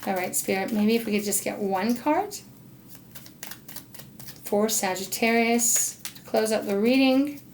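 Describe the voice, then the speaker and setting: A woman giving a casual tarot reading, effusive and gushing with excitement, murmuring softly when she addresses spirit. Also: on the high side, a little slow, pauses often, slight background noise. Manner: talks to spirit, murmurs softly while drawing cards. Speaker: intuitive tarot reader.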